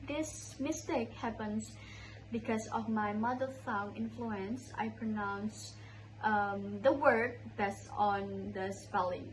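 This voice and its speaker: Indonesian-accented young woman student, slow and careful, fairly high voice, faint room hum behind. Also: low-quality recording. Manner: careful, repeats words slowly for practice. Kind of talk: recorded class presentation.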